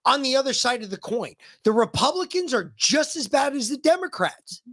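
A man's voice: extremely high pitch, big pitch swings, normal speed, a bit bright, no room sound, studio quality. A man co-hosting a podcast, ranting about politics in a heated, mocking, profane way. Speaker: podcast co-host. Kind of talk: casual political rant.

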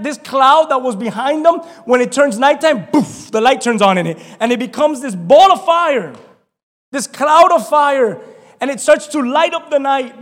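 A man preaching a sermon, reading scripture and acting out its voices with lively shouts and laughter. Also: very high voice. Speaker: pastor. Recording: long hall reverb.

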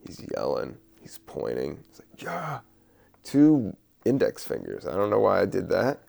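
A man hosting a podcast, rambling in a relaxed, musing way with many fillers while he doodles. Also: low voice, gravelly. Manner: laid-back, slow, musing with many fillers and laughs. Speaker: podcast host.

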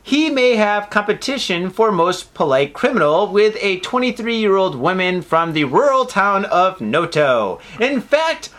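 A man's voice: high voice, sing-song, a little slow, few pauses, a bit bright. A man co-hosting a casual comedy news podcast, reading stories and riffing with crude jokes. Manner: profane, jokey, breaks into silly voices. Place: Japan.

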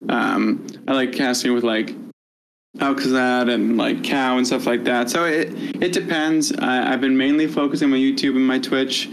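A man's voice: medium pitch, steady tone, moderate pace, creaky, a little hiss or hum, low-quality recording. A young man from New England, a guest on a podcast, chatting in a laid-back way with lots of ums. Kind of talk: casual chat.

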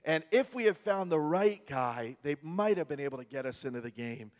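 Man, pastor, New York area accent, sermon, chatty storytelling, slightly high voice, long reverb. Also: expressive, moderate pace. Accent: New Jersey and New York. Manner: chatty storytelling with asides to the congregation, many restarts.

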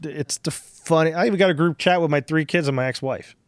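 A man's voice: on the high side, a little fast, no room sound. Male podcast host, 40s, casual profane storyteller, dry close recording. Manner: rambling, profane, animated storytelling. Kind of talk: casual chat.

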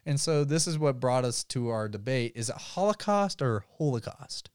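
A man's voice: mid-range voice, brisk, a little mellow, clear, resonant tone, dry recording, clean studio sound. A young man co-hosting a casual podcast, joking loosely and cursing, a little tipsy. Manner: loose, joking, profane, says he has been drinking. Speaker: podcast co-host.

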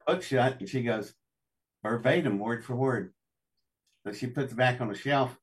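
A man's voice: medium pitch, moderate pace, recorded from a distance. Older man from West Virginia, off-mic. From West Virginia, USA. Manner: folksy, chuckling storyteller. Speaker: guest. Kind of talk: storytelling interview.

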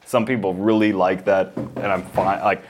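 A man co-hosting a casual podcast, rambling with lots of fillers and getting lively when he mocks something. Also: low voice, moderate pace. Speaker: podcast co-host.

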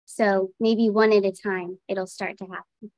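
A woman's voice: mid-range voice, flat delivery, unhurried, a little mellow, no echo. A woman guest doing a casual tarot reading, thinking aloud as she turns cards.

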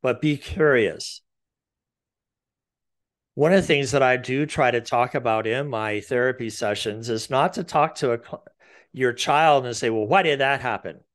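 A middle-aged man, a therapist, talks through his ideas at a very slow, unhurried pace. His voice sits at an ordinary middle pitch. Now and then he acts out soft, gentle lines a parent might say. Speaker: therapist and podcast host. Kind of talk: calm explanatory talk.

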